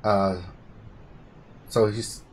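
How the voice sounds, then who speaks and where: A man hosting a casual gaming chat, talking through team builds with excited outbursts. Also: on the low side, drawn-out words. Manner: excitable, bursts of exclamation. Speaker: stream host. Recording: hissy stream with clicks.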